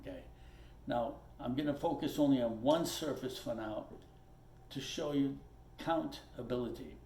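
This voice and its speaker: A drum teacher with a mid-range, slightly mellow voice explains at a moderate pace from behind his kit. In plain words and with patience, he goes step by step, repeats key points, and checks in with "okay," captured with roomy echo and faint noise.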